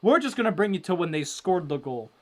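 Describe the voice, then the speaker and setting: A young man hosting a casual live hockey watchalong, rambling with lots of fillers and breaking into loud exasperation. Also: high voice, very animated, fairly quick. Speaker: livestream watchalong host.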